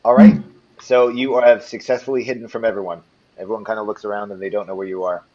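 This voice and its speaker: A man's voice: on the low side, flat delivery, quick pace, mellow, lo-fi sound. A man narrating as game master in a tabletop game, hesitant and full of ums and restarts.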